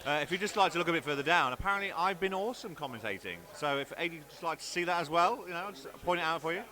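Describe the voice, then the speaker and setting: A man's voice: fairly high pitch, lively intonation, rapid-fire, bright, forceful tone. A man co-commentating on a live stream, talking in a hesitant, rambling, teasing way. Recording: crowd chatter behind.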